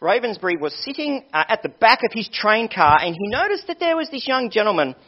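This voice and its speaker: A man's voice: high-pitched, big pitch swings, brisk. A male pastor preaching a sermon, telling a story with earnest appeals to his listeners. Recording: dull lo-fi sermon recording.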